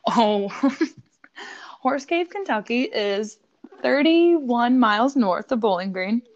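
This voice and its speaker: A woman from Buffalo, New York, telling a story in casual podcast chat, animated and swearing, laughing often. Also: a little high, slow, muffled recording.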